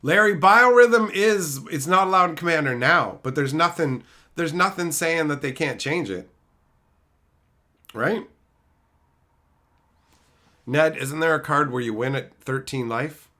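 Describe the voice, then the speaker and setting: A man's voice: a little high, a little slow, long pauses. A man hosting a live stream, reading viewers' names and chatting casually, swearing freely. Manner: animated, reads chat names aloud, swears freely.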